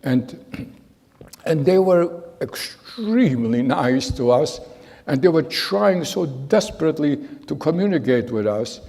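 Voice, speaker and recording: Older man with a husky, gravelly voice. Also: fairly high pitch, animated, slow pace, mellow. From Germany. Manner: storytelling, acts out quoted voices. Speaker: Holocaust survivor speaker. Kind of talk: personal testimony talk. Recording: hall with long reverb.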